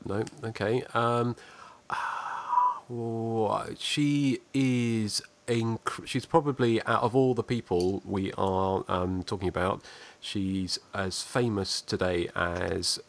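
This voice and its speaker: A man runs a casual movie quiz with his friends. His voice sits on the lower side, and he hesitates often, filling gaps with ums and restarting his sentences. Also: steady tone, slow, creaky. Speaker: quiz host. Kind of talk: casual podcast chat.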